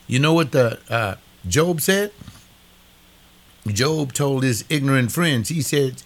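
A man's voice: medium pitch, expressive, takes it slowly, long pauses. An older man delivering a preaching monologue, emphatic, repeating phrases with a rising preacher's cadence.

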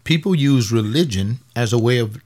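Tired pastor rambling through a webcast talk. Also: male voice, medium pitch, lively intonation, moderate pace, darkish tone. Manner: rambling, conversational, with blunt rhetorical questions. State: tired and aching. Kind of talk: webcast commentary reading and answering a paper.

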